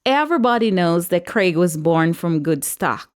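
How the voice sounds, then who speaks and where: A woman's voice: lively intonation, moderate pace, smooth, close to an everyday voice. A woman reading aloud voices a brash, indignant woman who puts on fake American airs slipping through. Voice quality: shrill, sassy.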